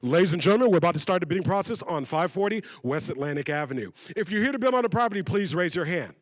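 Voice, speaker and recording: A man acting out an auctioneer, announcing the bidding in a loud, formal manner. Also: high-pitched, animated, racing, no room sound, pitched below the performer's own voice. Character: brisk male auctioneer calling bids.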